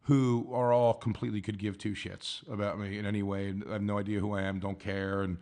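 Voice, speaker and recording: A man, a guest comedian, rambling through stories in casual chat and acting out the people he quotes in higher voices. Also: little pitch movement, brisk, a little mellow. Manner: rambling storyteller, acts out quotes in higher voices, laughs a lot.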